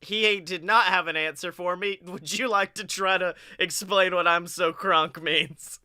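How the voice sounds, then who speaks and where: A man co-hosting a podcast, telling animated stories in casual chat and acting out what others said. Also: sits high, measured pace, clear, resonant tone, no echo, clean studio sound. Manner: animated storyteller, acts out quotes, laughs often. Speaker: podcast co-host.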